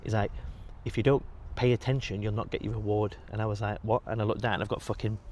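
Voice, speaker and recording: Young guy rattling off gym stories quick, lowish voice, swears a lot, bit of hiss behind. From England. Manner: swears freely, animated storytelling. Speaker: podcast guest, bodybuilder. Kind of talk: casual storytelling.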